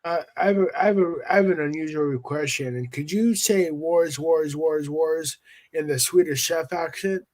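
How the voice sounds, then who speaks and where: A man's voice: on the high side, a little mellow. A man calling in to a livestream, chatting casually and hesitating as he starts his points. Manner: hesitant, halting, laid-back. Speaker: guest on a livestream call. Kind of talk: casual chat.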